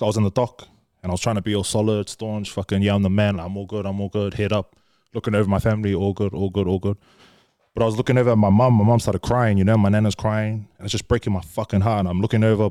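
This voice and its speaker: On a podcast, a young man candidly recounts episodes from his life, dropping swear words and calling everybody bro. His voice is mellow and on the low side. The studio-quality audio is dry.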